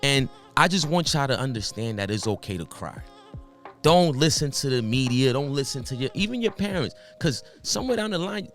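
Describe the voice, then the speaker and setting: A man's voice: medium pitch, vocal fry, fairly bright tone. A young man hosting a solo podcast, talking earnestly and passionately, firing off rhetorical questions and swearing now and then. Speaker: podcast host.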